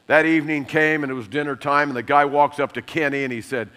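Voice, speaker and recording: A middle-aged man preaching a sermon, lively and emphatic, telling funny stories and laughing along. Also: on the high side, fast, smooth. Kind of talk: sermon with humorous storytelling.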